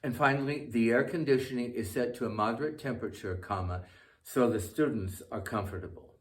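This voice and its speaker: A man narrating a scripted English grammar lesson, dictating example sentences slowly and carefully, saying each comma aloud. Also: mid-range voice. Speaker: English teacher.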